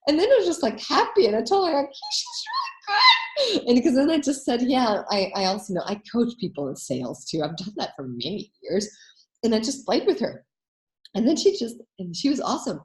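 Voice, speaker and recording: A woman hosting a coaching workshop, telling anecdotes in a casual, animated way and acting out the voices she quotes. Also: on the high side, reverberant.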